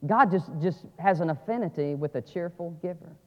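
A man preaching a sermon, dropping to quiet asides and rising to loud, emphatic climaxes. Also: brisk. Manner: swings from low asides to shouted climaxes. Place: church sanctuary. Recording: lo-fi audio with long church reverb.

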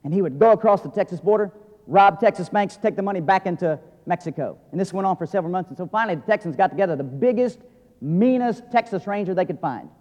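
Male pastor, high voice, earnest sermon, loud-to-quiet swings, long hall reverb. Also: lively intonation, fast talker. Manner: earnest, shifting from loud emphasis to quiet intensity.

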